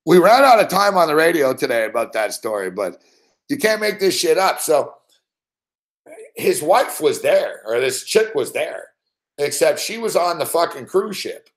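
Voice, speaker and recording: A man's voice: on the high side, big pitch swings, moderate pace. A man hosting a show, telling a long story in a rambling, profane way with frequent laughs and heavy swearing. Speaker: show host.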